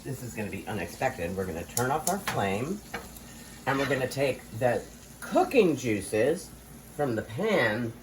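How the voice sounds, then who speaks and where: A woman's voice: a bass voice, big pitch swings, measured pace, very noisy. An older woman hosting a casual home cooking demonstration, playful and theatrical, joking about her own skills. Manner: playful, theatrical, self-mocking boasts. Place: home kitchen.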